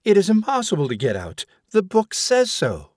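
A man's voice: high voice, wildly swooping pitch, normal speed, a little mellow, no room sound, clean studio sound, voice pushed up, exaggerated voice. A man reading an audiobook, voicing a prim, haughty woman who is easily shocked, in a clipped, disdainful manner. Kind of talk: audiobook character voice.

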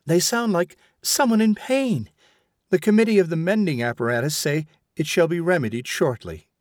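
Male reader playing a petulant, complaining mother, pitched high, lively swoops, dry sound. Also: normal speed, no room sound, close to an everyday voice. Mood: indignant. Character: imperious, fretful woman, a mother.

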